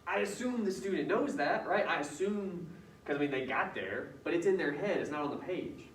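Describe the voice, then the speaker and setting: A man's voice: a little high, lively intonation, normal speed, slight background noise. A male teacher running a casual writing lesson, thinking aloud as he edits a student paper. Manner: casual, chatty, thinking aloud while editing. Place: classroom. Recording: roomy classroom picked up from a distance.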